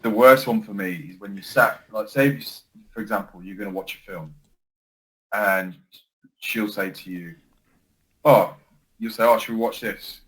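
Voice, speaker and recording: A man co-hosting a casual podcast, telling stories with animated laughter. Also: on the low side, moderate pace, long pauses, rough recording. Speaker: podcast co-host. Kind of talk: casual chat.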